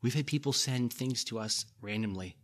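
Bright-voiced middle-aged male pastor. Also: medium pitch, moderate pace. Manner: conversational, repeats key lines for emphasis; folksy asides to the congregation. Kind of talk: sermon.

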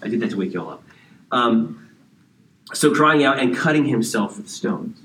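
A man preaches through a scripture passage with an easy, conversational tone, often stopping to ask if the room follows. His voice sits at a middle pitch. It is picked up from some distance, so it rings in the church's reverberant space over a faint room hum. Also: expressive, normal speed, a bit bright. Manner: conversational, checks in with listeners often. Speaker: pastor. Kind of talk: expository sermon. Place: church sanctuary. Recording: roomy, distant church recording with faint ambience.

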